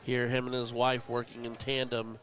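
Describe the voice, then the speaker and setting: A man's voice: medium pitch, completely flat delivery, normal speed, fairly bright tone, slight background noise. A man hosting a live darts tournament stream, chatting and commentating in a heartfelt, emotional way.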